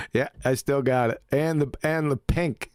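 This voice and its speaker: A man's voice: medium pitch, a little mellow, no echo, clean studio sound. A man hosting a podcast in a laid-back way, laughing often. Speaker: podcast host. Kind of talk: casual chat.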